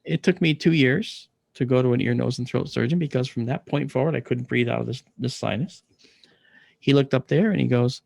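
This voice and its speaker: Male guest, gravelly voice, dry sound; animated storyteller who performs the dialogue of people in his story. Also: medium pitch, a little fast, dry recording. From United States. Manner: animated, acts out quoted voices. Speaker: interview guest. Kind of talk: personal storytelling.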